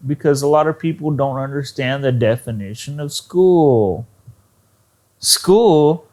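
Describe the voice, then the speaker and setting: Slow, deliberate man teaching. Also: medium pitch, darkish tone. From Texas. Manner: deliberate, repeats words to demonstrate intonation. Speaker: English teacher. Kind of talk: ESL lesson.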